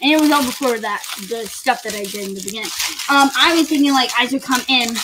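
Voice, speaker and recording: Silly giggly young woman in a noisy kitchen, high bouncy voice. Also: fast talker. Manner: giggly and silly, jumps between topics. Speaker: co-host. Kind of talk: playful casual chat. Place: home kitchen. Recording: home kitchen with background noise.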